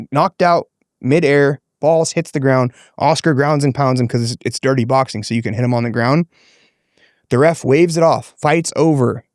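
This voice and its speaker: A man's voice: mid-range voice, dry recording, studio quality. A man, a boxing coach, casually telling a heated story on a podcast, swearing often and acting out what people said. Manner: animated, swears often, acts out quotes.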